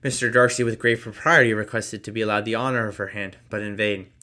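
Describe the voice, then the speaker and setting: A man reading a classic novel aloud, briskly, with casual asides. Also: fairly low pitch, fairly even intonation, sharp tone. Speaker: reader.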